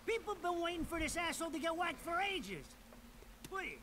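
A brash mob wiseguy. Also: male voice, very high voice, lively intonation, normal speed, bright, forceful tone, heavily acted. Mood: wisecracking. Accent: Italian-American New York. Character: fast-talking mob wiseguy, middle-aged man, crude, gossipy. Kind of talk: video game cutscene acting.

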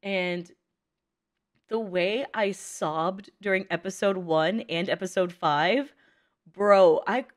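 A young woman chatting casually as she reacts to an anime movie, emotional and slangy, quick to laugh and tear up. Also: medium pitch.

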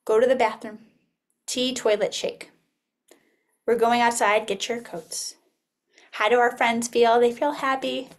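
A woman's voice: a little high, measured pace, pauses often. A woman in her thirties presenting an early childhood webinar, acting out classroom dialogue as she teaches. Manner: animated, acts out classroom dialogue.

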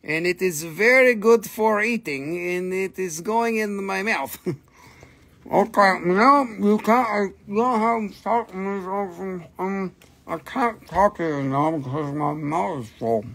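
A man's voice: high voice, slow pace, fairly bright tone. A man hosting a live stream where he sells minerals, chatting casually and joking around, and talking to his dogs between items. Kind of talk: casual live sales chat.

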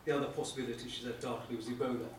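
A middle-aged man, a prosecuting barrister, giving a wry, anecdotal conference lecture with frequent "uh" pauses. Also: medium pitch, fairly even intonation. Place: lecture hall. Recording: echoey room, speaker far from mic, faint hum.

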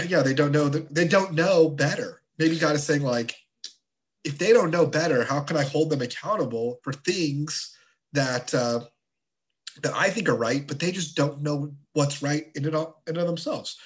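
A man teaching a confirmation class of teenagers in a relaxed, chatty way with playful asides. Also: fairly high pitch, normal speed. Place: church.

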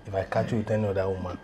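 An actor playing a young Nigerian man who teases his friend, speaking Nigerian English with pidgin, loud and laughing often. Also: low voice, lightly acted. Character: teasing joking young male friend. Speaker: visiting friend. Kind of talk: film dialogue. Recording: noisy film sound.

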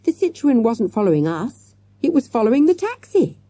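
An eager, clever schoolboy sleuth from a storybook, as a woman reader puts him on, raised high above her own dark, husky voice. He talks in quick, excited bursts, and the reading sounds close and dry. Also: no room sound, heavily acted.

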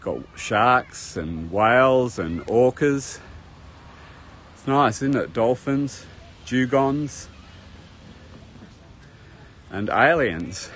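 A man's voice: mid-range voice, animated, very slow, long pauses, fairly bright tone, husky. A man rambling through a casual walking tour of a beach park, talking to viewers as he goes. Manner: chatty, rambling, addresses viewers as folks. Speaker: travel vlogger. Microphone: handheld camera while walking.

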